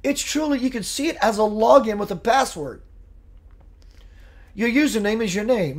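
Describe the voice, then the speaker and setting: A man hosting a live spiritual show, speaking in a gentle, earnest and meditative way and answering viewer comments. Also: very high-pitched, lively intonation, moderate pace, pauses often.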